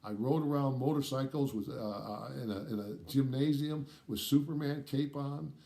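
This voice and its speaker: A middle-aged man from Ohio telling a personal story in an animated way, dropping to a soft hush when it turns emotional. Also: mid-range voice, moderate pace. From Ohio, USA. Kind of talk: storytelling talk.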